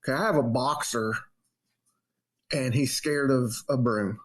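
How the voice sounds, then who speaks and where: A man casually telling a story on a podcast and acting out the quotes in a raised voice. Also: measured pace. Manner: animated storyteller, acts out quotes in a high voice. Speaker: podcast co-host.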